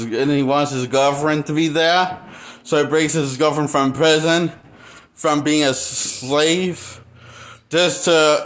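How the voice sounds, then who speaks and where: A man giving an unscripted movie review, rambling and halting, with many fillers and restarts. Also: fairly high pitch, fairly bright tone. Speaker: movie critic.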